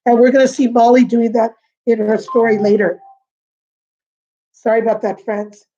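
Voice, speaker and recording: A woman teaching a remote lesson to young children, patient and sing-song, repeating words slowly. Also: a little high, fairly even intonation, mellow, muffled recording, a little hiss or hum. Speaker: kindergarten teacher.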